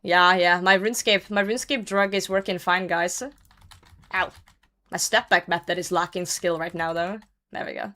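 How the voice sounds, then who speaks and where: A woman's voice: fairly low pitch, steady tone, moderate pace, sharp tone. A young woman streamer chatting casually while she plays, swearing and laughing often. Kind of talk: casual chat while gaming.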